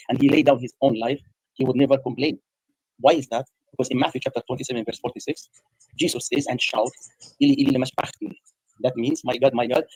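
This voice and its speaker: A man's voice: mid-range voice, a little mellow, slightly rough, no room sound, poor audio. A man in a played debate clip, pressing his opponent with repeated pointed questions and quoting scripture.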